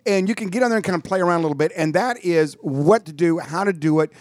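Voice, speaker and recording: A man's voice: sits high, fast talker, no room sound. A man co-hosting a radio show, joking with goofy asides. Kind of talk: casual radio banter.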